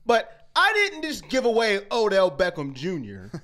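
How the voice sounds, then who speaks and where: A man co-hosting a casual fan chat show, animated and mocking, at times rising to near shouts. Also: high-pitched, moderate pace. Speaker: co-host.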